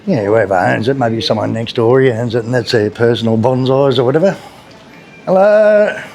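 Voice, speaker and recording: Loud street traffic and motorbikes roar behind this Australian travel vlogger as he walks through back streets, speaking bluntly and casually with the occasional swear. He talks fast, in a mid-range voice with fairly even intonation.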